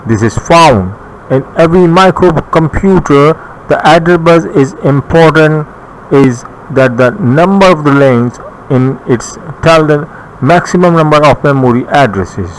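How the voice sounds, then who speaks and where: Man, Bangladeshi English accent, school computer teacher, slow note-reading delivery, slightly high voice. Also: animated, low-quality recording. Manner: reads notes slowly with pauses, occasional restarts. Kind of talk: recorded classroom lecture. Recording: faint background noise.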